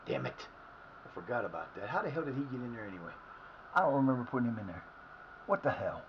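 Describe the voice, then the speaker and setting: A man with a hoarse, fading voice who streams from his house. He rambles between chatter about the game and his day, swearing freely at his players. The audio is slightly muffled, with a faint hiss behind it. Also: medium pitch, big pitch swings, fast talker. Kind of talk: live gameplay commentary.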